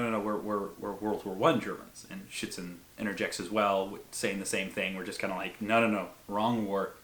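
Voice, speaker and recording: A man's voice: on the low side, fairly bright tone, reverberant. A young man in his twenties casually telling a long story, rambling with many fillers and an amused tone. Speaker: WWI living historian and video host.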